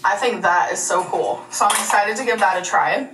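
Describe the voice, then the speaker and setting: A woman's voice: medium pitch, moderate pace, over a noisy crowd. A woman in a casual vlog showing off gifts, chatty and gushing. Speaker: vlogger. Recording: roomy clip from far off the mic.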